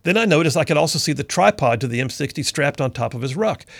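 A man's voice: on the high side, lively intonation, fast, vocal fry, a bit bright, no room sound. A middle-aged man hosting a talk radio show, telling an army story in an earnest, folksy way that turns preacher-like. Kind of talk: storytelling commentary.

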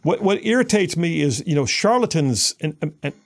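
Guy on talk radio, gravelly, sarcastic, reads the news then rips into it. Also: a little high, lively intonation, normal speed. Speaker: radio talk show host.

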